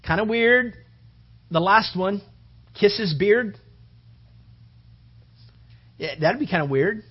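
A man's voice: sits high, lively intonation, takes it slowly, breathy edge. A man preaching a conversational sermon, rambling casually and peppering his talk with "you know" and "man". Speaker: pastor. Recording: dull lo-fi recording.

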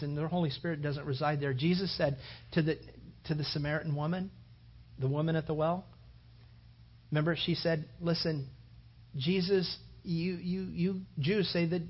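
A pastor preaching a sermon in a high, light voice. He tells stories quietly, then rises into loud, emphatic preaching. The recording is dull and a bit lo-fi. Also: breathy edge.

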